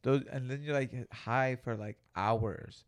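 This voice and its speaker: A young man co-hosting a podcast tells a story in a relaxed, slangy style, swearing heavily. His voice sits in the mid range with fairly even intonation, and he speaks slowly in this casual storytelling chat.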